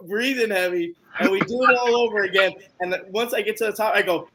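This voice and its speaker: He talks fast in a high voice, barely pausing, as he hosts a live stream. The story pours out with lots of energy, and he acts out every quote in this animated, casual storytelling chat.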